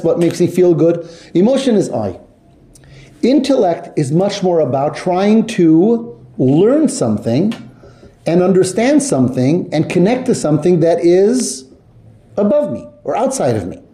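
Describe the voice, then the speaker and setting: A man's voice: high-pitched, mellow. A man teaching a text study class to students, explaining step by step and putting questions to the class. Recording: echoey room.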